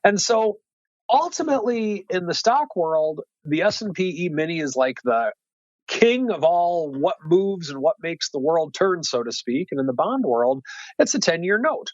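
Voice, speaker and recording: Male guest commentator, animated pitch, fairly high voice, thinks aloud with fillers, dry dull recording. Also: moderate pace, no room sound. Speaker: wealth manager guest. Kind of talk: casual market commentary.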